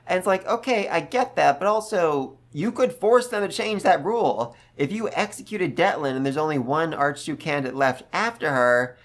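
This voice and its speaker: A man hosting a casual, animated book recap who jumps into voices for the characters. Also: a little high, normal speed, few pauses. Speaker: book review host.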